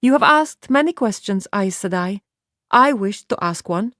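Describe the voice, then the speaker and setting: A woman's voice: mid-range voice, expressive, fairly bright tone, dry recording, clean studio sound, voice pushed up. A woman reading an audiobook, voicing a blunt, matter-of-fact young warrior woman in a raised voice. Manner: plain, measured, matter-of-fact.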